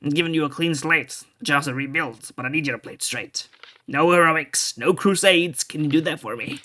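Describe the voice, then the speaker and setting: A stern middle-aged police chief, voiced by a man reading a game aloud, firm and weary in his reproach. The voice sits a little high for a man. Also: fairly quick, pushed and bright. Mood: earnest.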